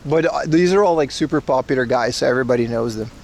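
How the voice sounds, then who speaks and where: He's an IRL livestreamer, talking casually to viewers outdoors as he looks over plants, rambling and cracking playful jokes. The man's voice is medium-pitched and quick, with slight background noise.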